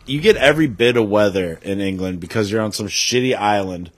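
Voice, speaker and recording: A man's voice: fairly low pitch, brisk. A man co-hosting a podcast, joking crudely and laughing often in casual banter. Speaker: podcast co-host.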